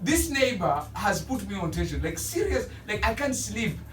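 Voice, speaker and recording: A man hosting a radio show, telling a joking story in a lively, animated way and laughing as he talks. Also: high-pitched, moderate pace, background noise. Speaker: radio host. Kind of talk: casual radio chat. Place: radio studio. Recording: roomy, distant mic with crowd behind.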